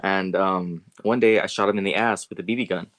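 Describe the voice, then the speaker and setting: Young guy w a kinda low voice on a podcast, rambling thru a story, gets loud doing other people's lines. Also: fairly quick. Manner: rambling, animated when quoting people. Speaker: podcast co-host. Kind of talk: casual chat, storytelling.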